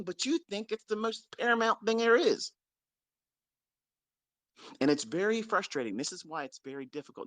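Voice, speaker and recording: His voice is on the high side and a bit bright, recorded with no room sound. He is a trading mentor ranting without a script at his followers, cursing heavily, scolding them bluntly, and saying things again to stress them.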